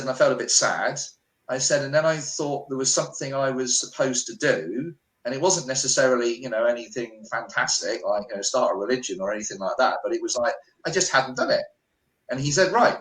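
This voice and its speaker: Animated British man telling a story. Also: medium pitch. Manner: animated, acts out quoted dialogue. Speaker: guest healer. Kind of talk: storytelling interview. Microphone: remote call. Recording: echoey room on a call.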